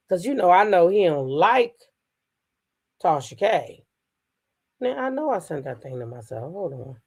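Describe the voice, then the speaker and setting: A woman's voice: fairly low pitch, sing-song, unhurried, pauses often, a little mellow, breathy edge. Sassy, profane woman gossip host. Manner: addresses the audience directly. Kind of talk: casual gossip commentary.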